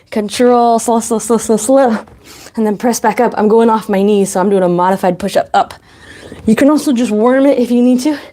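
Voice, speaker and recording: A woman's voice: a little high, mellow. A woman fitness instructor leading a home workout, chatty as she cues each move and counts reps.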